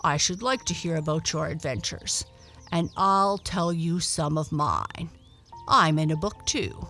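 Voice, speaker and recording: A woman voicing a male dog who is gruff and cross at first but good-hearted, with a hearty, blustery way of talking. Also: deep voice, unhurried, sharp tone, faint music behind, exaggerated voice. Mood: kindly.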